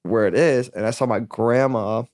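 A man's voice: mid-range voice, normal speed, darkish tone, no room sound, studio quality. A man who is a musician and podcast guest, telling a long personal story in a rambling way, full of fillers and acted-out dialogue. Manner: rambling, filler-heavy, acts out quoted dialogue. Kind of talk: casual storytelling interview.

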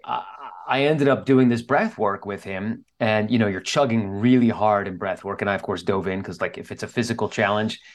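A man speaking as an interview guest, telling a candid personal story in an earnest, openly emotional way. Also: lowish voice. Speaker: guest author.

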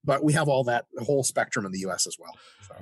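Brief: swearing American guy ranting as a podcast guest, husky tone, pitch leaping all over. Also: quick pace, dry recording. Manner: animated, profane, ranting. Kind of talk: casual conversation.

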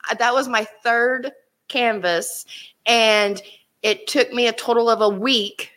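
A woman's voice: on the high side, steady tone, slow, fairly bright tone. A woman co-hosting a podcast, chatting and giggling as she tells a story. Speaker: podcast co-host. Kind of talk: casual podcast chat.

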